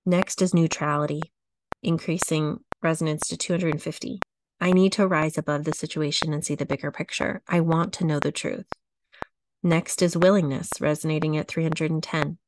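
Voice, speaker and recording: A middle-aged woman teaching a coaching lesson, walking through a chart at a slow, measured pace and repeating her phrases. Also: sits low, steady tone, noisy background. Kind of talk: teaching talk, reading a chart aloud.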